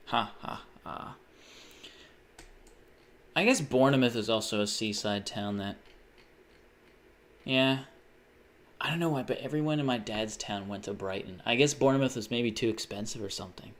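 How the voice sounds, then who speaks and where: A young man chatting casually on a live stream. He rambles, swears often and bursts into sudden excited exclamations. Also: fairly low pitch, normal speed. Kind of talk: casual livestream chat.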